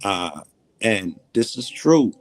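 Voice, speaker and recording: Low-voiced guy rambling through a profane story, dry close sound. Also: sing-song, slow, no room sound. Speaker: panel guest. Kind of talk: storytelling in casual conversation.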